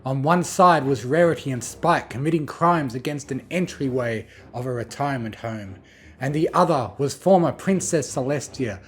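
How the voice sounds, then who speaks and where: A man narrating a fan fiction audiobook in a measured, expressive storytelling manner. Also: medium pitch.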